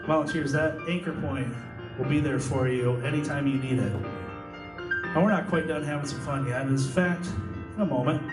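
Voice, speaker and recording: Guy from iowa hypnotizing volunteers, calm repeating patter, kinda high voice, far off in a big echoey hall w music. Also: moderate pace. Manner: calm, repetitive hypnotic suggestions. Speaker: stage hypnotist. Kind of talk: live hypnosis show patter. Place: large indoor hall, school party.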